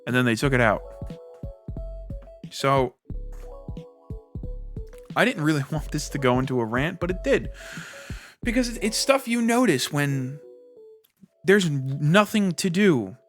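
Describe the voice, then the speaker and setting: Casting: ranting male gaming YouTuber, somewhat high voice, faint music underneath. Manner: ranting, animated, with quick mock dialogue. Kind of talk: casual gaming commentary.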